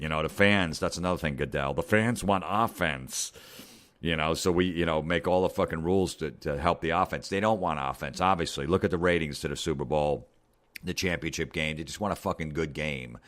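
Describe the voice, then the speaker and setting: A very low-pitched middle-aged man rants on his podcast, sarcastic and full of curses. He keeps slipping into mocking little impressions as he complains. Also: a bit bright. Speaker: podcast host. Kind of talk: comedic rant.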